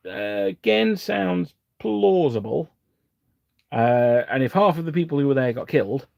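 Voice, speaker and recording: A man's voice: medium pitch, creaky, darkish tone, no room sound, clean studio sound. A man from England hosting a live stream, chatting casually and rambling with frequent restarts and chuckles while he builds models at his desk. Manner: rambling, self-interrupting, chuckling often.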